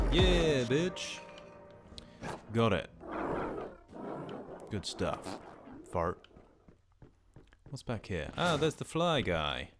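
A middle-aged man with a sweary, joking way of talking to himself as he comments on a game he is playing. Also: medium pitch. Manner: sweary, jokey, talks to himself. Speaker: let's play host. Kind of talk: casual gameplay commentary. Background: background game music.

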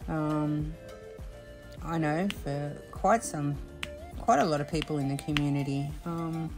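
A woman chatting casually while she does diamond painting, rambling with many fillers and restarts, and sounding emotional and worn out. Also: sits low. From Australia. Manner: emotional, admits exhaustion. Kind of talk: casual chat while crafting. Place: home craft room.

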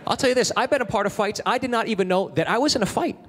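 A middle-aged man doing stand-up comedy, telling animated stories and ranting in exasperation. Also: sits high, rapid-fire. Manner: animated storytelling, exasperated rants. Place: stage in a comedy venue. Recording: live stand-up set with audience laughter. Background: crowd laughing.

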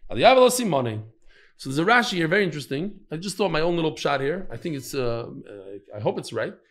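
A man teaching a daily Talmud class, telling stories with lively acted-out quotes and Hebrew and Yiddish terms. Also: a little high, moderate pace.

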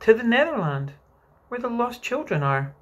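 A man's voice: extremely high pitch, very animated, moderate pace, dull audio, voice pushed up, exaggerated voice. A man voicing a motherly young girl telling a bedtime story, coaxing and patient, sighing at interruptions. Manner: gently coaxing, sighs at interruptions.

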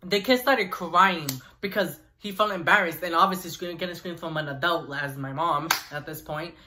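A young man vlogger telling a personal story in an animated, chatty way with asides to viewers. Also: a little high, moderate pace, noisy background. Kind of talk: storytime vlog.

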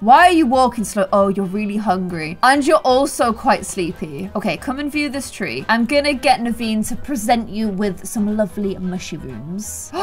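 Bubbly young woman doing game commentary. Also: high-pitched. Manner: animated, gasps often, talks to the characters. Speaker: gaming video host. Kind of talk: playful gameplay commentary.

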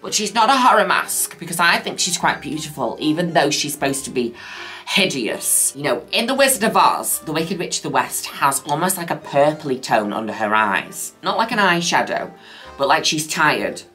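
Woman, makeup vlogger, camp and chatty, very lively delivery. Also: moderate pace, faint music behind. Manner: chatty, camp and playful, drops a flat low "people" at line ends. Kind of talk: casual makeup tutorial chat.

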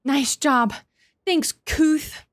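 A woman gamer streams live, swearing freely and shrieking when she wins. Her voice sits a bit high, and she sounds slightly out of breath. The sound is close and dry, with no room around it. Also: drawn-out words, dry recording. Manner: excitable, swears a lot, shouts and squeals in wins. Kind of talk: live gameplay commentary.

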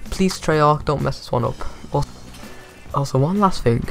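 A man's voice: fairly high pitch, unhurried, vocal fry, soft background music. A young man giving jokey, rambling commentary on a video game reveal as a gaming YouTuber.

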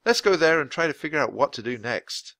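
A man's voice: a little high, animated, fairly quick, a bit bright, no echo, voice pushed up. A man voicing a cautious young boy in a children's book reading, earnest and slightly anxious.

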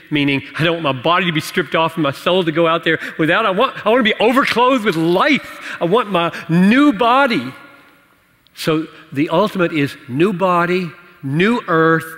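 A man preaching and answering questions in a church teaching session, animated and playful, laughing at his own jokes. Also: on the high side. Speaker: pastor. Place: church hall. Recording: church hall reverb.

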